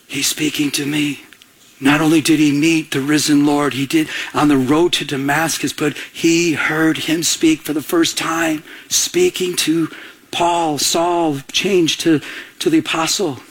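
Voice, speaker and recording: Husky guy preaching, kinda high voice, tells stories and does the voices. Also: little pitch movement, measured pace. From Michigan. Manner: storytelling, acts out quoted voices. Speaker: pastor. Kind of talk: sermon.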